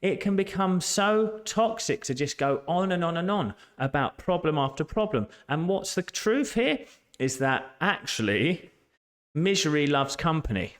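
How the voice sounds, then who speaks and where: Male life coach, a bit high-pitched, emphatic and earnest motivational delivery. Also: lively intonation, unhurried, fairly bright tone. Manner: earnest, emphatic, repeats key phrases. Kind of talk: motivational talk to camera.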